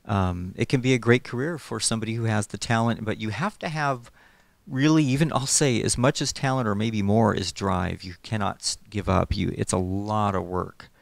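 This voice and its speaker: A middle-aged animator and storyboard artist explains his work in a casual interview, speaking in a fairly low, gravelly voice at a moderate pace. He's friendly and rambling, using many fillers, and the recording is dry.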